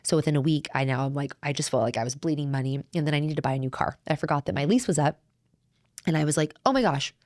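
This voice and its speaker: A woman's voice: sits low, steady tone, fast, darkish tone, no room sound, studio quality. A middle-aged woman co-hosting a faith podcast, talking in an earnest, heartfelt way that rambles and restarts. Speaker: podcast co-host. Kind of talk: faith-based conversational podcast.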